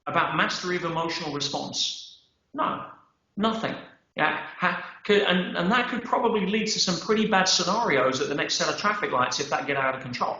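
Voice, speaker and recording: A man's voice: fairly high pitch, brisk. A male guest on a conversational interview, talking emphatically and often checking in with "yeah?" and "right?". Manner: emphatic, animated storytelling with acted-out quotes; peppers speech with "yeah?" and "right?". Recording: roomy, dull podcast audio.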